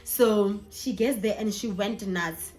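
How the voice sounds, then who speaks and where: A young woman with a South African accent telling a personal story in a chatty, animated vlog, slipping in Sesotho phrases. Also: medium pitch, slow. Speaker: vlogger. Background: faint background music.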